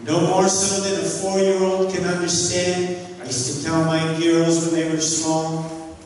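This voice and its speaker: A middle-aged man preaches in a sermon, his slightly high voice carrying through a church sanctuary with long, booming reverb. He sounds set back from the microphone, with a faint hiss underneath. His delivery is emphatic and pointed, punctuated by quick rhetorical questions. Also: darkish tone. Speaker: pastor. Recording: echoey hall, distant mic, faint noise.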